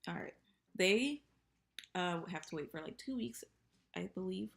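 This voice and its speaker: A woman's voice: on the low side, lively intonation, a little slow, gravelly, fairly bright tone. A woman in her thirties chatting casually and profanely through a TV episode recap. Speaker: TV recap vlogger.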